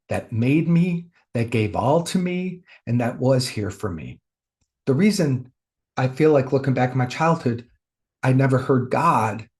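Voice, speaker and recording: A man sharing a personal spiritual testimony as a spiritual teacher, emotional and swinging between loud bursts and hushed lows.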